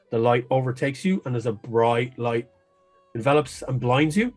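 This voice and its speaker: A man's voice: mid-range voice, expressive, normal speed, faint music behind. Man narrating as game master. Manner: descriptive storytelling with restarts.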